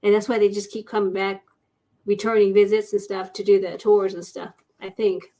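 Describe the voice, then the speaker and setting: Talkative woman guest, paranormal investigator, mid-pitched voice, voices quoted people as she tells stories. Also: flat delivery, normal speed, warm tone. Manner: chatty, acts out quoted voices, laughs often. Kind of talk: casual storytelling interview.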